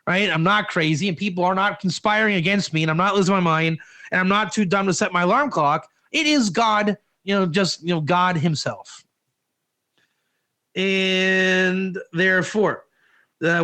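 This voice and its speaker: A man's voice: high-pitched, bright, forceful tone. A man teaching an informal Torah class in a rambling way, with many rhetorical questions and tag questions.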